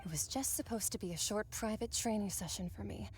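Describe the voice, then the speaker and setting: An actress voicing a composed young swordswoman mentor who speaks calmly and dryly in a game cutscene. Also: medium pitch, brisk, natural voice. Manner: calm, dry and understated.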